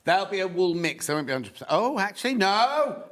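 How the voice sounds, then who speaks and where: A man hosting a live TV shopping show, chatty and excitable, with lots of asides. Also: high-pitched, fast talker. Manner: chatty and excitable, full of asides and sales counts. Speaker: shopping channel presenter. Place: TV studio.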